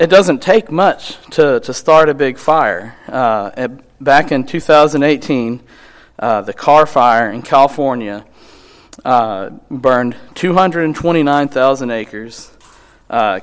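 A man preaching a sermon in an earnest, halting way, with frequent restarts, who reads scripture aloud slowly and with emphasis. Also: mid-range voice, smooth.

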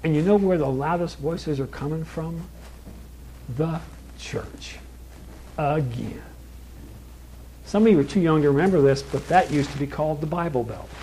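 A man preaching a sermon in a plain American voice, emphatic, building lists with rising stress and slowing down for key lines. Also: on the high side, mellow, slight background noise, rough recording. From born in Kentucky, raised in California.

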